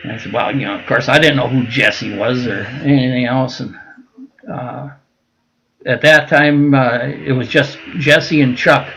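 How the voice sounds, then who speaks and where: A man's voice: medium pitch, steady tone, measured pace, a bit bright, slight background noise, rough recording. Older guy from minnesota spinning long rambly stories, lots of uhs and restarts. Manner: rambling with frequent fillers and restarts. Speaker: guest, veteran. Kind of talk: casual storytelling interview.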